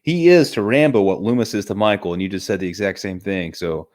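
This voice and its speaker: A man's voice: lowish voice, brisk, darkish tone. A man hosting a casual movie review chat, enthusiastic and rambling, often restarting his sentences.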